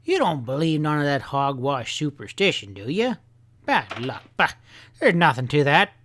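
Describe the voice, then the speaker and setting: A man voicing a gruff, teasing old mountain grandfather with a scoffing folksy drawl. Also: a little high, very animated, normal speed, a bit bright, slight background noise.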